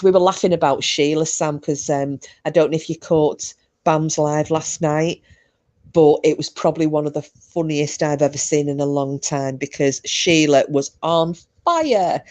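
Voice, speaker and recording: Woman, middle-aged, livestream host, casual chat, dark mellow voice, low-pitched, laughing, bawdy. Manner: chatty and laughing, bawdy banter. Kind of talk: casual chat with live chat viewers. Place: at home.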